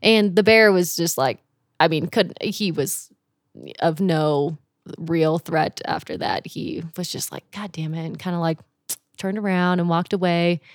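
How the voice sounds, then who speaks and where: A young woman tells a story in casual conversation, slightly low-pitched for a woman. She is animated, laughs often and swears easily. The sound is dry and close. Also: measured pace, no echo. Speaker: guest telling a camping story.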